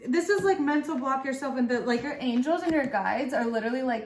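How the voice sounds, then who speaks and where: Talking fairly quickly with hardly any pauses, this tarot reader has a high-sitting voice. She addresses viewers directly during a relaxed pick-a-pile reading, friendly and upbeat, recorded in an echoey space with a little noise behind her.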